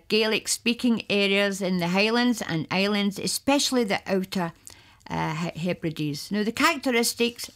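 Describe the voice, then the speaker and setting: A woman presenting on community radio, chatty and quick to laugh. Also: fairly high pitch, a bit bright.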